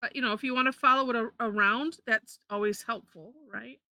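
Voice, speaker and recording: A woman's voice: a little high, fairly even intonation, brisk, pushed and bright, no room sound. A woman leading a live drawing lesson, chatty, correcting herself and laughing often. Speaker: drawing instructor.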